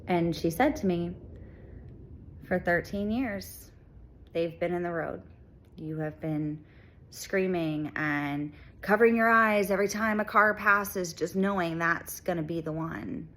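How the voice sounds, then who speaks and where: Middle-aged woman, lower register, earnest reflective delivery with frequent pauses; heartfelt personal talk to camera. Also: a bit bright. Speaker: channel host.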